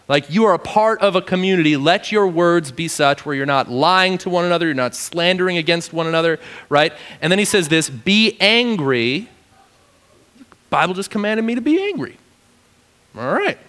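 A man preaching a casual sermon, filling his talk with "like" and acting out the people he quotes. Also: high-pitched. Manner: animated, acts out quoted voices, lots of "like". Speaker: pastor.

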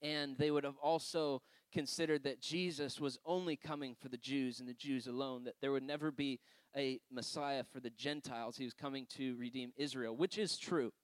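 A man's voice: medium pitch, fairly even intonation, moderate pace, no room sound. A man preaching a sermon, telling personal stories in a loose conversational way with frequent laughs and asides. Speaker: pastor.

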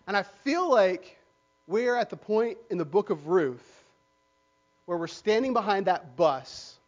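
High-voiced man preaching a sermon. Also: highs cut off. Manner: rambling storyteller, lots of fillers and restarts.

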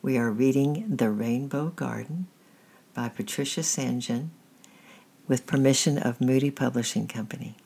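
A woman hosting a story-time reading, narrating a chapter book in a steady, measured way. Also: extremely low pitch, gravelly, husky.

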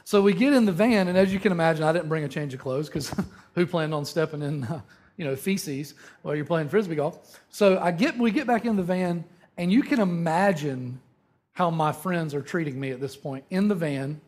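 A man's voice: a little high, normal speed, darkish tone. Joking storytelling preacher, a man in his thirties. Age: 30s. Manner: humorous storytelling, often asks "right?". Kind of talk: conversational sermon.

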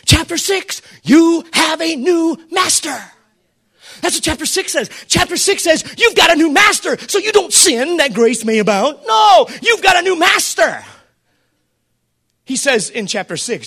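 A man preaching a sermon as pastor, swinging between shouted appeals and quiet asides and putting questions to the congregation. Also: extremely high pitch, sing-song, measured pace. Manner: preaches with fervor and calls out to the listeners.

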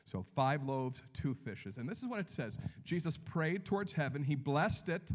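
A man preaching a sermon as pastor, telling the story with lively acted-out voices and dropping to hushed near-whispers for emphasis. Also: fairly high pitch, moderate pace.

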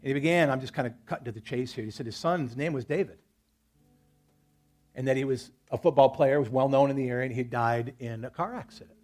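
A man's voice: mid-range voice, fast, darkish tone. A male pastor preaching a sermon at a church service, talking to the congregation in a conversational way and telling stories between scripture quotes.

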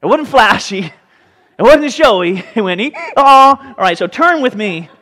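A man preaching a sermon as pastor, lively, often acting out the voices of people in the story. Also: high-pitched, moderate pace. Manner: animated, acts out voices in the story. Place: church sanctuary. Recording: hall reverb.

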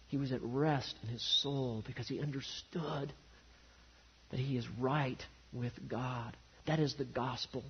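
A man preaching a sermon, swinging from loud emphasis to hushed, quiet lines. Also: medium pitch, breathy edge, highs cut off. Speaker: pastor.

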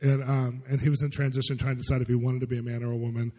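A man with a mellow, slightly husky voice preaches a testimony-style sermon. He tells his story excitedly and rambles, full of fillers and restarts. A long reverb trails his words through the hall. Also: mid-range voice, very fast.

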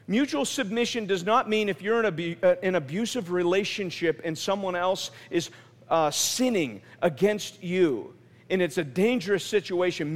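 A man preaching a sermon as pastor, animated and acting out the voices of people in his stories. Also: high voice, in a large hall.

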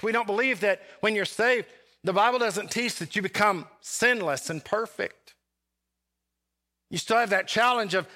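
A man pastor preaching a sermon, with dramatic pauses and big swings between loud and soft. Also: sits high. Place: church sanctuary.

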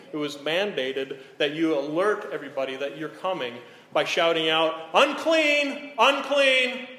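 A pastor preaching a sermon in an earnest way, often checking in with the listeners. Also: male voice, fairly high pitch. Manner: earnest, repeats "okay?" to check in. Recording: echoey hall, faint room noise.

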